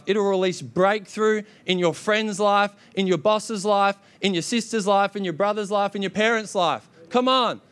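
Young aussie guy preaching, high voice, pumped up and urging people on. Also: smooth. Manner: energetic, exhorting with repeated "come on". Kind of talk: sermon.

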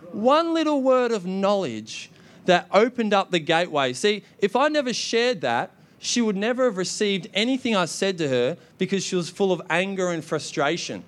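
Young male preacher, high-pitched, energetic exhorting sermon delivery. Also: normal speed. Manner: energetic, exhorting with repeated "come on".

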